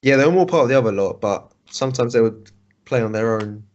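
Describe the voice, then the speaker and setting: A man's voice: mid-range voice, animated, fast. A young man chatting loosely with friends on a podcast, laughing often and dropping swear words. The recording sounds a little dull and lo-fi. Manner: laughs often, swears, does mocking voices of classmates. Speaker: podcast co-host. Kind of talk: casual chat.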